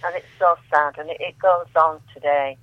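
A woman's voice: deep voice, fairly even intonation, moderate pace, very noisy. Woman reciting poems over a tinny phone line. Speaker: guest poet on a phone-in. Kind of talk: reading her own poetry aloud.

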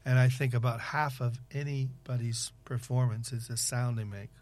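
A man interviewing in casual conversation, rambling and halting with many fillers and restarts. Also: mid-range voice, steady tone, a little mellow.

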